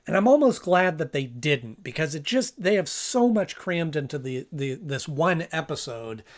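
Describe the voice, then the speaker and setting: A man hosting a cartoon review show, chatting in a casual, upbeat way and rambling quickly through his thoughts. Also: fairly high pitch, sing-song. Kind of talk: casual review and plot recap.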